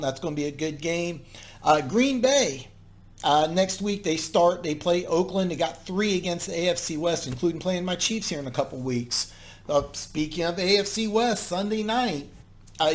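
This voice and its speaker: A man hosting a casual solo football recap, emphatic and repetitive, with frequent restarts and filler words. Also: sits high. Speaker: football commentary host.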